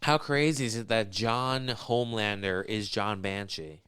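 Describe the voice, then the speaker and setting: A man co-hosting a podcast, riffing sarcastically and deadpan through a casual TV recap. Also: fairly low pitch, a little slow, smooth, no room sound. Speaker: podcast co-host.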